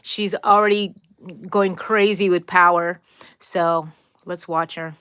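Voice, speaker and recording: A woman's voice: on the low side, fairly even intonation, takes it slowly, a bit bright, smooth, no room sound, studio quality. A woman hosting a crochet live stream, chatting playfully, laughing often and greeting viewers by name. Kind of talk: casual live-stream chat.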